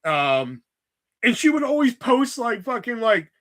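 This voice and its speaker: A man's voice: very high voice, sing-song, normal speed, fairly bright tone. A man streaming live, rambling in a casual, exasperated rant full of swearing. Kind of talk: casual profane livestream rant.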